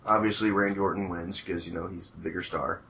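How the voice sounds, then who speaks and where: A man's voice: sits low, fairly even intonation, quick pace. A man co-hosting a podcast in casual chat, talking in an offhand, matter-of-fact way. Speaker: podcast co-host. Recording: dull lo-fi audio.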